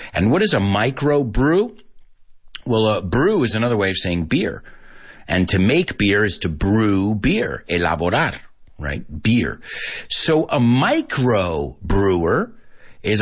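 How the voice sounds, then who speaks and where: Playful joking man with a husky voice. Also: on the low side. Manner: playful, laughs at his own jokes, switches between English and Spanish. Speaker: English teacher for Spanish speakers. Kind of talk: live online English lesson with jokes.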